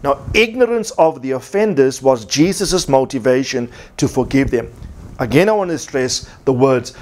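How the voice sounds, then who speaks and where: A man's voice: medium pitch, animated, normal speed. A man preaching a sermon as pastor, from South Africa, emphatic and repeating his key points.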